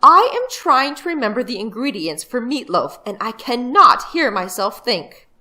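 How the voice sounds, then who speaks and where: A woman's voice: a little high, big pitch swings, moderate pace, bright, forceful tone, pitched above the performer's own voice, heavily acted. A woman voicing a fussy, distracted mother who exclaims in a put-upon way.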